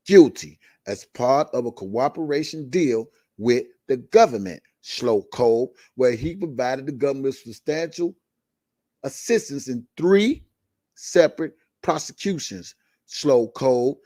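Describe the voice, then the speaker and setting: Mellow-voiced man reading with emphatic refrains. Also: mid-range voice, no echo, studio quality. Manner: emphatic, repeats a catchphrase refrain, drawn-out stresses. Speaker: host of a live online show. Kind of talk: reading a court filing aloud with commentary.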